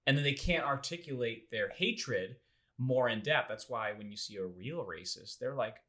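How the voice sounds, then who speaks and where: Animated man retelling a story. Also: moderate pace. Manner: animated, acts out quoted people with big pitch jumps. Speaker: podcast host. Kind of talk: casual conversational storytelling.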